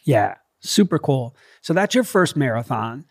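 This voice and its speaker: A man's voice: mid-range voice, sing-song, unhurried. A middle-aged man hosting a casual interview, enthusiastic and loose, with lots of fillers and the odd swear. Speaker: podcast host.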